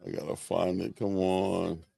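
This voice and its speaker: A man hosting a casual boxing chat, excitable and slangy, laughing often. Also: low-pitched, unhurried, gravelly, no echo. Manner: excitable, laughing, slangy, says "bro" a lot. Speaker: boxing podcast host.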